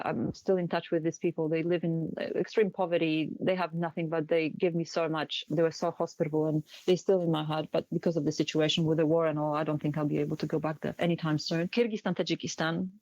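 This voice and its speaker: A woman's voice: deep voice, level tone, fast, few pauses, darkish tone, no room sound. A woman in her forties from Poland with a Polish accent, whose first language is Polish, talking candidly and easily as a guest in an interview, with small slips in her English. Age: 40s. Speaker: podcast guest, motorcycle traveler. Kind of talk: casual interview talk. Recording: muffled dry recording.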